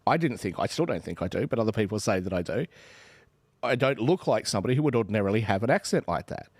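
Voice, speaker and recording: An Australian man in his forties hosts a podcast panel, talking at a rapid clip with lots of rhetorical questions. His voice is recorded close and dry, with no room sound. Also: on the low side, slightly rough, no echo. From Western Australia. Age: 40s. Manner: animated, emphatic, rhetorical questions. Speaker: podcast host. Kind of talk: panel discussion.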